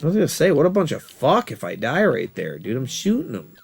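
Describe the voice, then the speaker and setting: A man with a gravelly, creaky voice talks through a video game playthrough in a loose, rambling way, laughing and swearing often. His pitch swings up and down with a lot of life. Faint game music plays in the background. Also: wildly swooping pitch, fairly quick. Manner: rambling, laughing, profane storytelling. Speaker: gaming channel host. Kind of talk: casual gameplay commentary.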